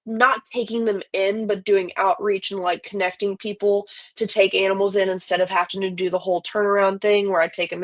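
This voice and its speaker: A young woman with a light Louisiana accent, a podcast guest chatting casually in a laid-back, rambling way. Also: medium pitch. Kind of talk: casual chat.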